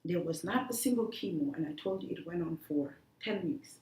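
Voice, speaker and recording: A woman being interviewed, talking earnestly and haltingly, with many restarts. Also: lowish voice, animated, warm tone, slight background noise. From The Gambia. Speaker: guest, cancer survivor. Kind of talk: emotional interview talk. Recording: echoey room.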